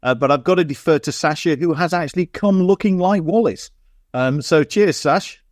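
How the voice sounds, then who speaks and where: A man's voice: a little high, normal speed, a little mellow, no echo, studio quality. A man, a panelist in a casual online chat over a video call, chatty and anecdotal.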